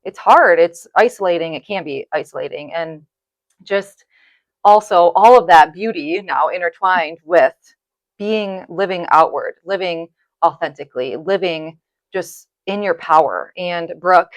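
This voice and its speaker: A woman hosts a heartfelt podcast conversation from an office, gushing and openly emotional. Her voice sits a little low and the room sounds close and dry. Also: unhurried, no room sound. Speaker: podcast host. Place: office space, indoors.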